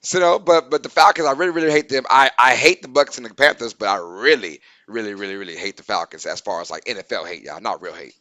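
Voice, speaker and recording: A man hosting a casual live-stream sports talk show, excitable and repeating words for emphasis. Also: on the low side, quick pace, few pauses, no room sound.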